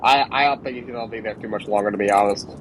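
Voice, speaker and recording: A man's voice: lowish voice, racing, a little hiss or hum, poor audio. A man who is a guest on a casual sports podcast, asking questions and often stumbling over his words. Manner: questioning, hesitant, repeats words. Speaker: guest co-host.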